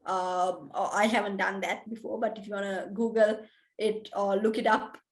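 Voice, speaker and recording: A young adult woman giving a casual, chatty talk on public speaking, quick and full of fillers. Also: medium pitch, level tone. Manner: chatty and quick, many fillers, tags "right?". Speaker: workshop speaker.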